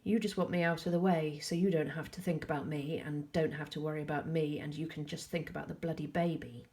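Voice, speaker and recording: A woman's voice: sits low, fairly even intonation, fairly quick, a little mellow. A woman reading aloud, voicing an upset boy who pleads and argues defiantly.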